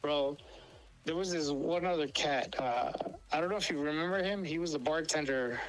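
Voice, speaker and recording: A man's voice: on the high side, normal speed, soft background music, poor audio. Rambling, profane man. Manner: rambling, profane, full of fillers and restarts. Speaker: co-host telling stories. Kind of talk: casual storytelling chat.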